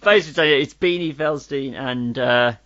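A man's voice: mid-range voice, moderate pace, bright, forceful tone. Black country guy rambling through a film review, restarts a lot, bit dull lo-fi sound. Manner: rambling, wry, many restarts. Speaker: podcast co-host. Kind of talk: casual film review chat. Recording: dull lo-fi recording.

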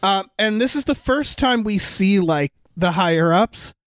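A man with a fairly high voice rambles through a casual movie review, profane and animated in his complaints. The recording is close and dry, with no room sound. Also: unhurried, dry recording. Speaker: podcast co-host.

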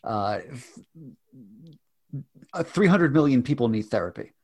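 Halting podcast host, repeats himself. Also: male voice, medium pitch, expressive, a little mellow. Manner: halting, repeats words and stops to correct himself. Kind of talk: casual podcast chat.

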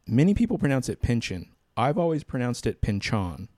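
A man's voice: fairly high pitch, very animated, fast, mellow, no room sound, clean studio sound. A man co-hosting a podcast in casual chat, laid-back, sometimes arguing his points in a mock-formal way. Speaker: podcast co-host.

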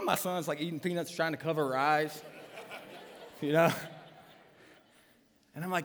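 A man's voice: fairly high pitch, a little fast, pauses often. A man in his thirties, a pastor telling a story in a live sermon and acting out the voices of the people in it. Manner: animated, acts out quoted lines. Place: church auditorium. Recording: long reverb of a live church hall.

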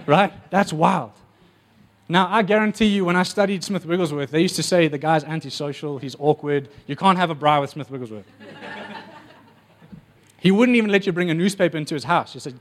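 A male preacher, his voice sitting high for a man. He tells stories with animated energy and throws himself into the voices of the people in them. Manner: animated storytelling, acting out voices. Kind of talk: sermon.

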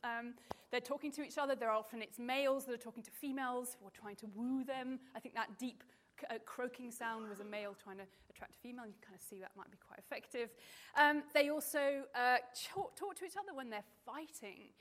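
Woman, marine biologist, fairly high voice, chatty, playful, lots of ums, live talk to families. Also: a little fast, fairly bright tone, slight background noise. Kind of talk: lively presentation to a live audience with children. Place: stage in front of an audience.

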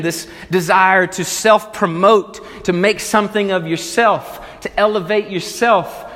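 Guy preaching a sermon, fairly high voice, big echoey church hall. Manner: animated storytelling, emphatic. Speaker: pastor.

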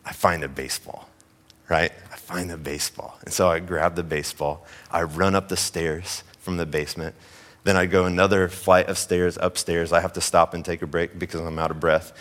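A man in his thirties preaching a sermon, telling a family story in a lively, conversational way. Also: sits low, normal speed. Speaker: pastor.

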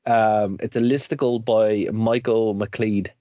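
A man's voice: lowish voice, steady tone, takes it slowly, mellow, no room sound, highs cut off. A man co-hosting a radio show and podcast, chatting casually and rambling as he laughs often. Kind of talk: casual chat.

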